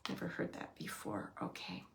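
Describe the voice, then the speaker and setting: A woman working as a medium, relaying a spirit's messages in soft, halting phrases that often drop to a whisper. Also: background noise. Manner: repeats phrases and pauses searching for words. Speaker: psychic medium. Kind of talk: channeling a spirit reading.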